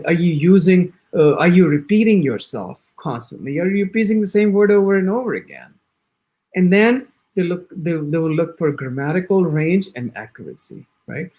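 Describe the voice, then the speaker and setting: A man with an American accent giving an exam-prep orientation lecture, talking in quick bursts with frequent restarts and acting out sample answers. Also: a little high. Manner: animated, talks fast in bursts with many restarts. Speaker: IELTS instructor.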